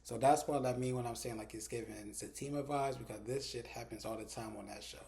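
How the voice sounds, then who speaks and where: A man's voice: mid-range voice, fairly even intonation, brisk, darkish tone. A man in a casual recap vlog who retells scenes with lots of "like" and swears freely. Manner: chatty, retells dialogue with lots of "like". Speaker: TV episode reviewer.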